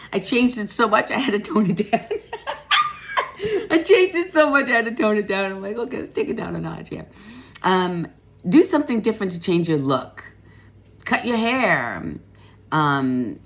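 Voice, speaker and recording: A woman giving a casual spiritual tarot reading, chatty and emphatic, laughing often and swearing now and then. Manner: laughs often, lively pitch swings.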